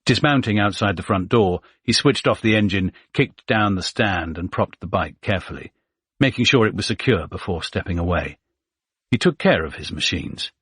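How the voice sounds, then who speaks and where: A man narrating a thriller audiobook in a measured, even storytelling manner. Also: sits low, breathy edge, dry recording, studio quality.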